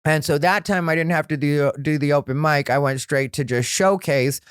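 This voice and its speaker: A male comedian hosting his own podcast, telling stories in a frank, rambling way that grows animated. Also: a little high, normal speed, clear, resonant tone, dry recording, clean studio sound. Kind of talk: candid solo podcast storytelling.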